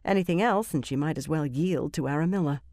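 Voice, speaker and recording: A woman narrates a fantasy novel in a measured, even storytelling manner. Her voice sits low. The recording is dry and close, with no room sound. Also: no echo. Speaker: audiobook narrator.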